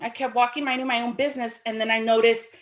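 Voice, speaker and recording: Animated woman telling a story. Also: fast. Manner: animated, acts out quoted dialogue with sudden high exclamations. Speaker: guest telling her personal story. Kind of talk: casual storytelling.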